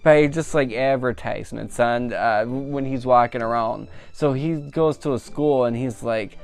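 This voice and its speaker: A man giving a casual, rambling film review, full of fillers and animated reactions. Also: mid-range voice, measured pace, gravelly, hardly any pauses, clean tone, soft background music. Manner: chatty and rambling, full of "like" and "you know"; animated, laughing at the funny parts. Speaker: movie reviewer.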